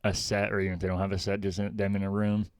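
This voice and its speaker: An easygoing man co-hosting a podcast, talking conversationally and moving the talk along. His voice is fairly low, smooth and resonant. The sound is dry and close to the mic. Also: completely flat delivery, very fast, dry recording. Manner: easygoing, conversational, steers the topic. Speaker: podcast co-host. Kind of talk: casual chat. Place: remote recording, like a video call.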